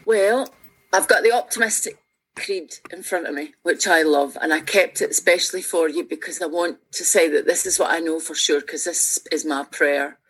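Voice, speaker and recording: A woman's voice: low-pitched, normal speed, husky. A Scottish woman around sixty with a Glaswegian accent, telling stories earnestly and with feeling as a guest on a radio show. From Scotland. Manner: earnest and animated, with frequent restarts. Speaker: musician guest. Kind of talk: reflective conversational storytelling.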